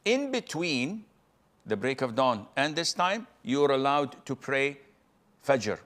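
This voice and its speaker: Calm man explaining step by step. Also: mid-range voice, takes it slowly. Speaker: Islamic scholar answering questions. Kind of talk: religious Q&A explanation.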